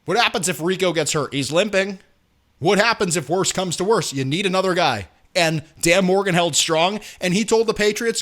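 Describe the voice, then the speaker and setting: A man hosting a sports talk show, giving opinionated commentary in an animated, sarcastic rant. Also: sits high, moderate pace.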